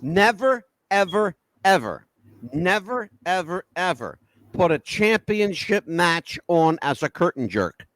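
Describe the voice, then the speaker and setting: A man's voice: high-pitched, big pitch swings, takes it slowly, a bit bright, no room sound. A man hosting a podcast in casual chat, blunt and emphatic, swearing freely. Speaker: podcast host.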